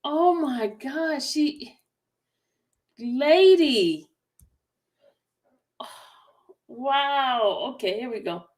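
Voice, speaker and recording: A woman's voice: sits high, lively intonation, very slow, pauses often. A woman hosting commentary, reacting to a book reading with lots of exclamations and talk aimed at her viewers. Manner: laughing, exclaiming, talking to viewers. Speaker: commentary host.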